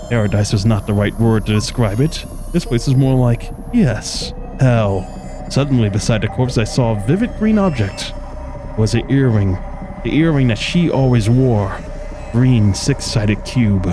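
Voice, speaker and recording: A man's voice: medium pitch, expressive, normal speed. A man streaming a video game, reading its story text aloud dramatically and dropping wry asides between passages. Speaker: gaming streamer. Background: game music.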